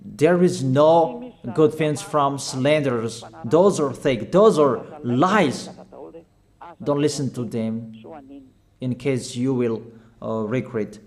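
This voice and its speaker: A man preaching a sermon in halting non-native English, urging his listeners with short, repeated commands and pausing on fillers. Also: medium pitch, darkish tone. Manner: emphatic, repetitive exhortation with short commanding phrases.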